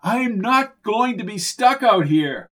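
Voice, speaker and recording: Frightened, defiant woman, read by a man in a raised voice; sharp and suspicious, storybook reading. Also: high-pitched, lively intonation, takes it slowly, voice pushed up, full character voice. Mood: tense, defiant.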